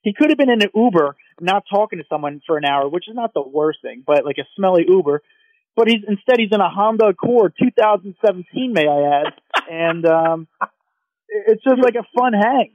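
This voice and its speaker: A man co-hosting a podcast, gushing and excitable as he tells a story in casual chat. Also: high voice, dry recording, lo-fi sound. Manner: excitable, gushing, quick anecdotes. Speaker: podcast co-host.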